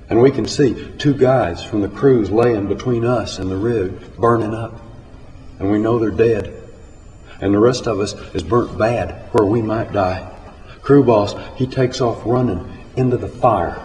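A man's voice: mid-range voice, a little mellow, slight background noise. A man telling a first-person story in a plain-spoken, folksy and profane way. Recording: roomy hall with faint ambience.

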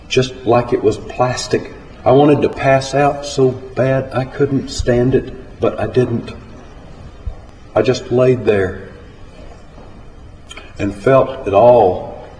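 A man's voice: medium pitch, warm tone, a little hiss or hum. A man telling a first-person story in a plain-spoken, folksy and profane way. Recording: roomy hall with faint ambience.

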